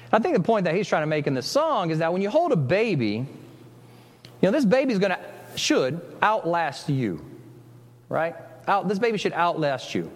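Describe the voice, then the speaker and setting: A man preaching a conversational sermon as pastor, often breaking off mid-sentence and acting out little quoted exchanges. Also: sits high. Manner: conversational, self-interrupting, acts out quoted voices. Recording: long hall reverb.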